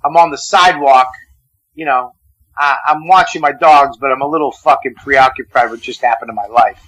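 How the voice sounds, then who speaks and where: A man's voice: mid-range voice, brisk, no room sound, poor audio. A man, a comedian guest, telling profane stories in a casual radio chat. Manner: profane, animated storyteller. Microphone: phone call-in.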